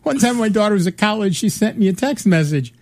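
A man's voice: sits high, animated, fast talker, a little mellow. A middle-aged man chatting casually on a show, telling rambling stories with many restarts. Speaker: podcast co-host. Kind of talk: casual chat, storytelling.

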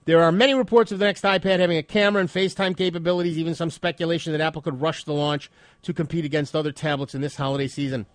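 Male radio tech host, stuffed-up, higher pitch, dry close sound, wry and chatty. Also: fairly even intonation, rapid-fire, dry recording. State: stuffed up nose. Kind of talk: radio tech talk and news reading.

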